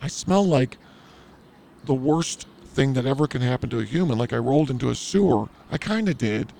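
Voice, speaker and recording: Gravelly guy podcasting, rambling and self-mocking, goes off on tangents. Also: mid-range voice, lively intonation, moderate pace, dark tone, slight background noise. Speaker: podcast host. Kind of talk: comedic storytelling podcast.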